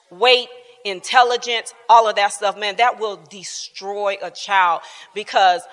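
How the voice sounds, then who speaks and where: A woman's voice: mid-range voice, bright, forceful tone. A woman in her fifties leading a church Bible class, telling personal family stories in an earnest, informal way and laughing often. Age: 50s. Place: church hall. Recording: reverberant church hall.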